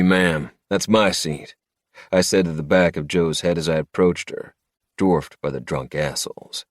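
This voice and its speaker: Deep-voiced male audiobook narrator. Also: dry recording, clean studio sound. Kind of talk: first-person audiobook narration.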